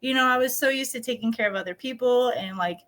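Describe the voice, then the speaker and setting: A woman's voice: on the high side, fast, fairly bright tone. A middle-aged American woman from New Mexico, telling her story as a podcast guest in a casual, upbeat way, laughing often. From New Mexico, USA. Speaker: podcast guest, dirt bike rider.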